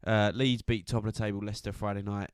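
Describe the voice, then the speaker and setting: A man co-hosting a football podcast, giving a steady roundup of results. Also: lowish voice, fast talker, clean tone, no room sound, clean studio sound. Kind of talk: casual chat and news roundup.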